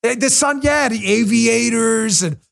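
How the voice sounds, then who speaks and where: A man's voice: very high voice, measured pace, creaky, fairly bright tone. A man hosting a political talk show, giving sarcastic, mocking commentary and talking to his live chat.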